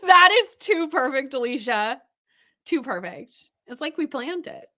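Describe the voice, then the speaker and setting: A bubbly woman chats through a casual livestream, reading viewer comments aloud and greeting people by name. Her voice is bright and sits a little high. She sounds tired, yet laughs easily. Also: animated, unhurried. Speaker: livestream host.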